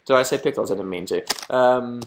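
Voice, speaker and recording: A man's voice: medium pitch, brisk, slight background noise. A young man chatting casually on a livestream, rambling, mocking himself and reading viewers' comments aloud. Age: young adult. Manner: rambling, self-mocking, reads chat aloud. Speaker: livestream host.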